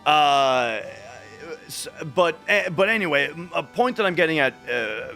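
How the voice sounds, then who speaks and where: A man's voice: a little high, animated, unhurried, bright, forceful tone, faint music behind. A man from Minnesota with a light Minnesotan accent, chatting casually on a speedrun stream and restarting his sentences often. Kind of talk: casual livestream chat.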